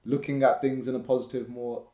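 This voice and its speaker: A man speaks as a podcast guest in an upbeat, motivational tone. His voice sits at an ordinary pitch for a man. The room is echoey around him. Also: little pitch movement, brisk, warm tone. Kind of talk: casual podcast chat.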